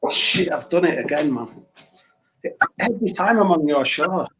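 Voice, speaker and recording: Rambling musician. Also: male voice, a little high, lively intonation, moderate pace, crowd noise. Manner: rambling, self-mocking, hesitant. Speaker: guest musician. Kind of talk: casual chat.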